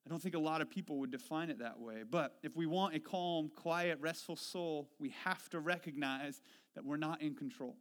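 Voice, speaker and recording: Here a slightly high-voiced man, a pastor from Washington State, delivers a sermon at a moderate pace. He pokes fun at himself in casual stories from his own life. Reflective moments bring his voice low and gentle, while retelling his frustrations makes him animated.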